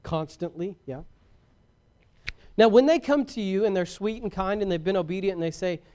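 A man preaching a sermon to his congregation, swinging between loud exhortation and hushed, earnest talk, and calling out for amens. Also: high voice, normal speed. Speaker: pastor.

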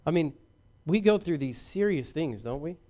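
A man preaching a sermon as pastor, swinging from shouted points to hushed asides and talking directly to his congregation. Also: fairly high pitch, expressive, moderate pace.

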